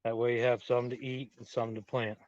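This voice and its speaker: A man's voice: medium pitch, level tone, brisk, a little mellow, dry recording, lo-fi sound. A man hosting a casual live-stream garden tour outdoors, chatting with viewers in a rambling, friendly-plain way while filming on a phone or camera. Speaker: garden channel host. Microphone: phone or camera on a tripod, then handheld while walking.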